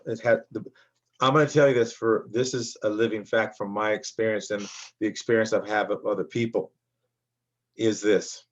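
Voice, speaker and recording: Rambling man with dull lo-fi sound. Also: fairly low pitch. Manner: rambling, repetitive, with many restarts. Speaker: business credit coach. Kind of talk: motivational monologue.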